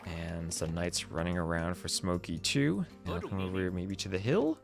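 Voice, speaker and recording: Casting a strategy game live, a young man from New Jersey speaks in a low, gravelly voice with lively intonation and moderate pace, his New Jersey accent evident. He's talkative, answers chat between play calls and laughs frequently, with game music playing underneath.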